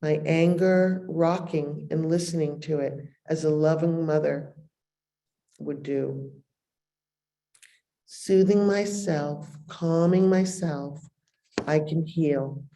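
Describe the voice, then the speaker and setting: A middle-aged woman, a meditation teacher, giving a dharma talk and softly guiding a meditation with long pauses. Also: sits low. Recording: roomy echo.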